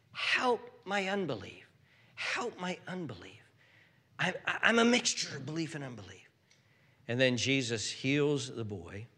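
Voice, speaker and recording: A man preaching a sermon. He talks in an animated way, often restarts his sentences, and acts out the quotes. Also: mid-range voice, long reverb tail. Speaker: pastor.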